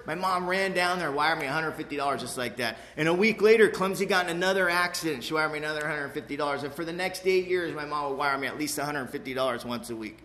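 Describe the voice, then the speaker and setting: Man with a slightly high voice, frank and street-casual, giving a recovery testimony to an audience, echoey room. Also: pushed and bright. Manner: frank and streetwise, tags lines with "man" and "you know"; emphatic, with quick repeats and restarts. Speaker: speaker sharing his recovery story. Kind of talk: personal testimony talk to a live audience.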